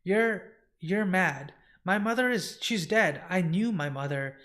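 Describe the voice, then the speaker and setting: Guy reading a flustered mom, stammery, a bit higher voice. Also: expressive, unhurried, fairly bright tone. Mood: disbelieving. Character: upset middle-aged mother in disbelief.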